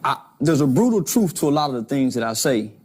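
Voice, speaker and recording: A man's voice: medium pitch, big pitch swings, fast, a little mellow, husky. A man in his forties giving a candid interview, emphatic and often repeating words as he starts a thought. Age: 40s. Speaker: guest.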